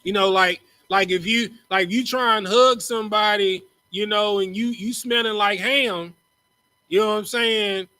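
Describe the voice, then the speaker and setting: A man's voice: sits high, fairly even intonation, normal speed, sharp tone, dry recording, low-quality recording. A man teaching a class in a casual, slangy, joking way, often repeating words as he starts a line. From Texas. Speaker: teacher in a religious group class. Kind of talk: casual preaching lecture.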